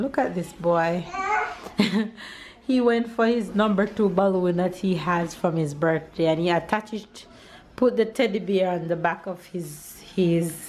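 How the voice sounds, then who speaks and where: A woman's voice: on the low side, darkish tone, slight background noise. A young Jamaican woman chatting in a casual home vlog as a mother, laughing often and coaxing her toddler in a sing-song voice. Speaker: vlogger, mother. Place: home, indoors.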